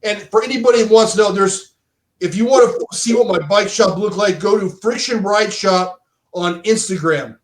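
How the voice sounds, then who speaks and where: A man's voice: high voice, normal speed. A middle-aged man casually telling stories about owning a bike shop, rambling with lots of restarts and "dude". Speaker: podcast guest, former bike shop owner. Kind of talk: casual chat. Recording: roomy echo.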